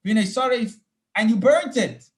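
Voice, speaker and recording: A man's voice: extremely high pitch, lively intonation, very slow, pitched above the performer's own voice, heavily acted. A man voicing the biblical leader Moses, stern and indignant, demanding answers in a raised questioning voice.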